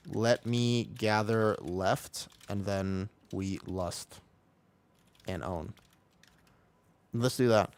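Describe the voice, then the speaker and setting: A man's voice: on the low side, dry recording. A young man live-streaming a video game from home, chatting casually and rambling to his viewers as he plays. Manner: chatty, rambling, answers chat, talks to himself. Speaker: streamer playing an online game. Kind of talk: casual live-stream chat while gaming. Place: home, in Thailand.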